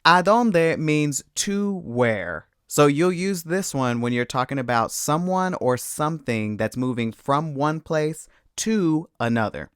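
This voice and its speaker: A man teaching a Spanish lesson, explaining patiently and clearly with lively emphasis. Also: fairly high pitch, takes it slowly, hardly any pauses, no echo, studio quality. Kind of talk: scripted language lesson.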